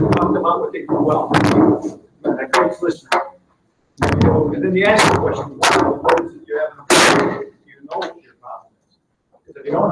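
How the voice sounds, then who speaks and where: With a high-pitched voice and a little hiss or hum on the recording, the man leads a live training seminar. He's animated, playing out workplace dialogues himself, and the distant mic catches plenty of room echo.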